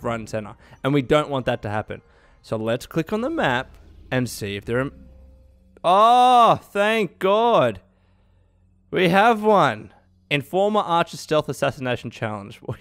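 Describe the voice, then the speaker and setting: A young man giving excitable, swearing let's play commentary, laughing often. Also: medium pitch, no echo. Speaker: gaming youtuber.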